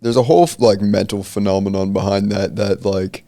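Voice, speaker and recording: A man's voice: on the low side, steady tone, a little fast, dark tone. A young man co-hosting a podcast, chatting casually in a rambling way and laughing often. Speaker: podcast co-host. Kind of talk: casual chat.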